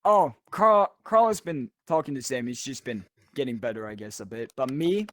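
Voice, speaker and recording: A man's voice: mid-range voice, lively intonation, normal speed, a bit bright, slight background noise. A young Swedish man, English as a second language, with a Swedish accent mixed with Australian and British, chatting loosely and laughing often as a podcast guest. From Sweden. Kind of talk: casual chat.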